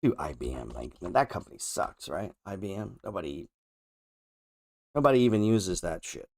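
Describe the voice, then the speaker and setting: A man's voice: sits low, very animated, moderate pace, a little mellow. A man hosting a casual trading show, thinking aloud over charts with heavy sarcasm and constant swearing. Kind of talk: casual market commentary while scrolling charts.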